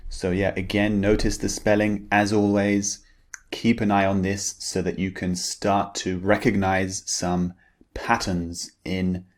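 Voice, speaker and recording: A British English-accented man leads a pronunciation lesson, saying each word carefully for listeners to repeat. His voice sits very low and he speaks slowly and deliberately. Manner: deliberate, modeling words for learners to repeat. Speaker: pronunciation teacher.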